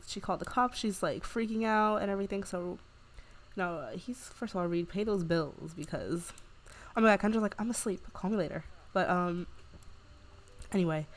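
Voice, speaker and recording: Brief: woman, gaming host, casual let's play commentary, chatty and giggly, mid-pitched voice. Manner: chatty, narrates the game with fillers and giggles.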